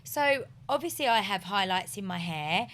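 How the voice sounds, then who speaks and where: Bright-voiced chatty woman. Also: mid-range voice, animated, moderate pace. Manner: chatty, giggly, loose and informal. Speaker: podcast co-host. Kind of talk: casual chat.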